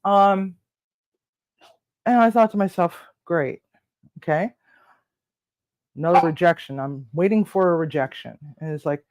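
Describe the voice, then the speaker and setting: A relaxed, chatty home-cooking host spinning a long personal tale at a middling pitch. They slip into little voices for each side of a phone conversation and pad their speech with ums and restarts. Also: measured pace, long pauses. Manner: chatty, relaxed, acts out both sides of phone calls; frequent fillers and restarts. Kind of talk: casual storytelling.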